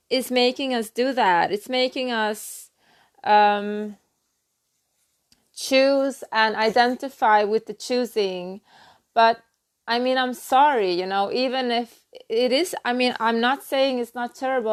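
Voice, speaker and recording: Slow, halting woman. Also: fairly high pitch, clean tone. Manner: halting and earnest, many restarts and "you know". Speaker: spiritual channel host. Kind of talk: personal spiritual talk to camera.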